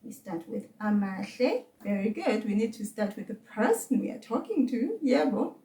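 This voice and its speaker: A South African woman leads a language lesson for children, patient and encouraging, pronouncing words slowly so the kids can repeat them. Her voice is fairly high and sing-song with a warm tone. She sounds far from the microphone in a reverberant space.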